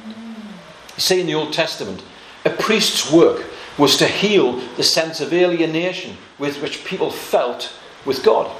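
A man preaching a sermon in a fairly high voice, telling a story with asides and slowing down to stress his points. His voice echoes around a church hall, over a faint hum of room noise. He laughs lightly now and then. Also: lively intonation, fairly bright tone.

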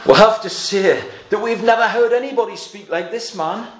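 Explaining scripture one verse at a time, this preacher adds light humor to his expository teaching. His voice sits high with a fairly bright tone, and he talks at a normal speed. The room is echoey, with faint noise in the background.

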